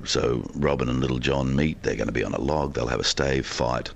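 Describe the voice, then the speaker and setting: A man being interviewed on radio from a hotel, telling long relaxed stories about his film work. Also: rumbling low, fairly quick, vocal fry, few pauses. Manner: relaxed, expansive storyteller. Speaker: film actor guest. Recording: down the line from a hotel.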